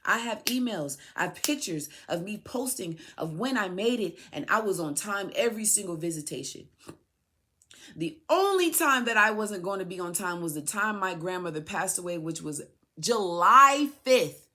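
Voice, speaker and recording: In an expressive, forceful, bright voice of medium pitch, a woman pleads with her son on her podcast. Her personal monologue is emotional and aggrieved, delivered at a moderate pace with repetition for emphasis.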